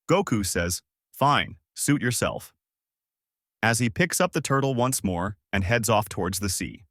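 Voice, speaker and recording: A man narrating a fan-made story aloud in a plain, steady way. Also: lowish voice, normal speed, no room sound, clean studio sound. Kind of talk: reading fan fiction aloud.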